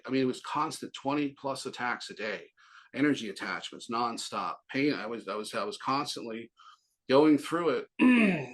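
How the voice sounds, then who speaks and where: A man's voice: medium pitch, a bit bright. Man telling a rambling personal story. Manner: rambling, with frequent restarts and quoted dialogue. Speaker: interview guest. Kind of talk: casual storytelling.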